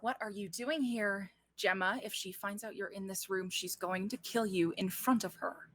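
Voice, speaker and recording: A woman doing a tense, guarded woman in hushed urgency. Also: medium pitch, moderate pace, natural voice. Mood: urgent. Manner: clipped and urgent, half-hushed. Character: tense, guarded woman torn between anger and longing.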